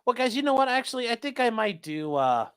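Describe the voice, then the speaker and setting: A man's voice: extremely high pitch, sing-song, fairly quick, smooth. A man who is a lawyer chats casually on a livestream, joking and reading viewer comments aloud.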